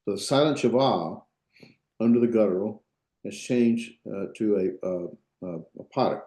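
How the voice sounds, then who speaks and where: A man's voice: lowish voice, moderate pace, mellow. A man teaching a Biblical Hebrew grammar class, explaining step by step, thinking aloud and checking in with his students. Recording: echoey classroom.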